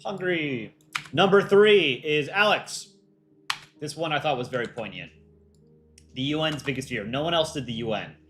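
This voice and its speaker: A man's voice: a little high, lively intonation, normal speed, long pauses, fairly bright tone, a little hiss or hum. A man hosting a casual livestream, reading out fan art entries and reacting with light jokes.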